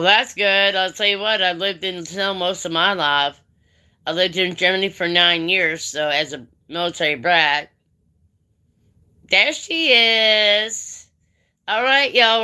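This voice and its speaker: A woman's voice: medium pitch, pushed and bright. A woman hosting a casual craft chat livestream, talking in a folksy, affectionate way straight to her viewers. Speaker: live-stream craft chat host.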